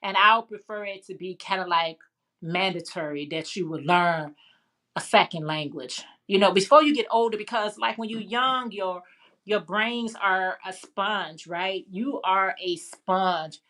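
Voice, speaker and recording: A woman's voice: medium pitch, a little slow, bright, forceful tone. A woman from Chicago hosting a casual live stream, chatting with viewers, reading their comments aloud and laughing often. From Chicago, United States. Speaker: livestream host.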